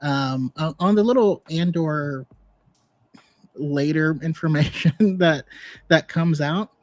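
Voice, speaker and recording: A man hosting a casual online podcast discussion, talking in a relaxed, chatty, easygoing way. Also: fairly high pitch, takes it slowly. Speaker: podcast host.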